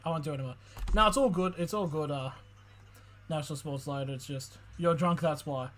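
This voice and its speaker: A man giving excitable live play-by-play reaction commentary as a streamer, swearing freely between calmer calls. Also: on the high side, fairly quick. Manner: excitable, swears a lot, shifts from calm calls to loud outbursts.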